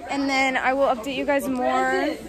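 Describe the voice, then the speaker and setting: A teenage girl filming a vlog at a competition, excitable and chatty, full of fillers. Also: high-pitched, normal speed. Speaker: vlogger. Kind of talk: excited casual vlog chat. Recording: phone in a crowded hall. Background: crowd chatter.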